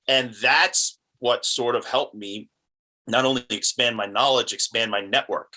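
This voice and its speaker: A man from New York, a guest film producer, telling lively stories and mimicking voices in a casual interview. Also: medium pitch, moderate pace, rough recording. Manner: animated storyteller who mimics voices.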